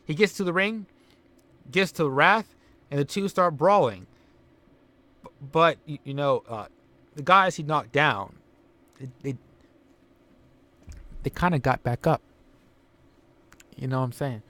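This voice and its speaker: A man's voice: a little high, unhurried, pauses often, pushed and bright, no room sound. A man casually recapping a wrestling simulation game, rambling with fillers and chuckles. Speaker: game commentator. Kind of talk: casual let's-play recap.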